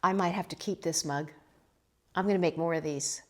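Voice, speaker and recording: A woman's voice: fairly low pitch, fairly quick. A middle-aged woman from California chatting casually about her pottery and a local winery, emotional and laughing as she fights back tears. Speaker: pottery vlogger. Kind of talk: casual chat.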